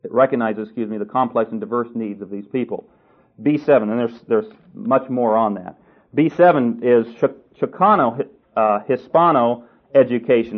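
A man's voice: medium pitch, moderate pace. A male preacher reads a text aloud in a sermon and comments on it critically and emphatically. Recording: tinny phone-like line.

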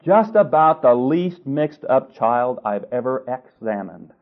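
A man voicing an upset male psychiatrist who speaks haltingly, read aloud from a story during a sermon. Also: mid-range voice, expressive. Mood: solemn. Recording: tinny phone-like line.

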